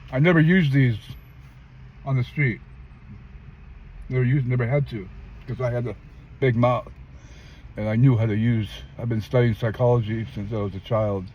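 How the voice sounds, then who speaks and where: A man's voice: fairly even intonation, normal speed, pauses often. An older man giving emphatic personal testimony in a street interview, acting out the people he quotes in his story. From California. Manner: emphatic storyteller who acts out quoted voices, often jumping high. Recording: dull lo-fi sound with faint traffic.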